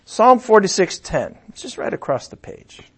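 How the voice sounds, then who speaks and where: A middle-aged man preaching as a pastor in a conversational way, breaking into loud emphatic bursts. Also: sits high, very animated, normal speed, slight background noise. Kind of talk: sermon.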